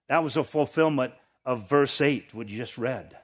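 Man preaching a sermon, kinda high voice, gets loud on the bible verses then goes soft and low on the side comments. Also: lively intonation, fairly quick, hardly any pauses. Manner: preaching, rises in pitch and force when reading scripture, drops low for asides; repeats words when restarting. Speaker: pastor.

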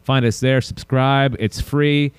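A man's voice: mid-range voice, steady tone, slow, clear, resonant tone, no room sound. A man hosting a podcast, rambling and joking around while reading announcements and listener mail. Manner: goofy, rambling, self-mocking. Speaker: podcast host. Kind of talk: casual podcast chat.

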